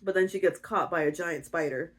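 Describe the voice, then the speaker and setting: A woman's voice: on the low side, fairly quick. A woman giving a casual, giggly, chatty recap of a romance novel. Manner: giggly, chatty, with frequent fillers. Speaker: book reviewer.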